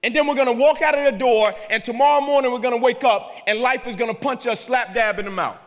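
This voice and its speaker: Man, motivational keynote speaker, high bright voice, preacherly, echoing in a big hall. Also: fast. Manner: preacherly, repeats lines for emphasis, asks "right?" of the crowd. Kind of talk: keynote speech. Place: large hall. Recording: hall reverb.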